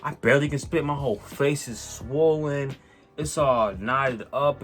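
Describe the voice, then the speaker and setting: A man telling a personal story on his vlog in a casual, animated way, swearing and using lots of slang, with many restarts. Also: medium pitch, unhurried. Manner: animated, profane, slang-heavy, rambling with restarts. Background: faint music.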